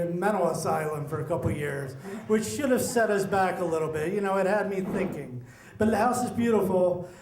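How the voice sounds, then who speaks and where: A middle-aged man telling a personal story, animated and acting out the voices of the people in it. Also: sits high. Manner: animated, acts out quoted voices. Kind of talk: personal story told to an audience. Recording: echoey room.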